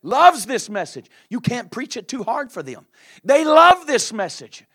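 A man preaching a sermon in a fiery manner, shouting drawn-out phrases with frequent filler uhs. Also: very high-pitched, very animated.

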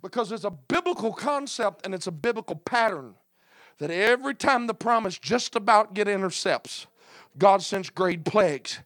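A man's voice: high voice, expressive, moderate pace, fairly bright tone, no room sound. A man preaching a sermon in an impassioned cadence punctuated by "uh", with folksy, plain-spoken asides.

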